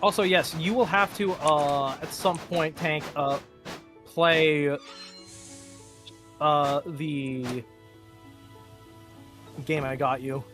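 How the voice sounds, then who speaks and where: A man in a casual chat, upbeat and chatty with quick asides. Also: on the high side, steady tone, a bit bright. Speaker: co-host of a gaming chat. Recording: music playing behind the voice.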